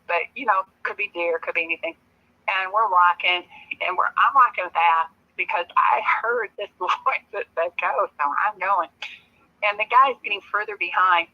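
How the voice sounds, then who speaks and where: Woman telling a story over dull call audio. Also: on the low side. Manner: lively, laughs often while telling a story. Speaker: guest. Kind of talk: casual storytelling.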